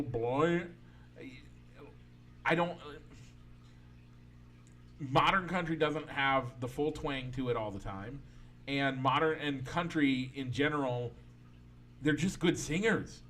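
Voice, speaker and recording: A man's voice: a little high, fairly bright tone, a little hiss or hum. A man co-hosting a casual podcast, arguing his opinions at length in a loose, rambling way with many restarts. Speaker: podcast co-host. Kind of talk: casual sports and pop-culture chat.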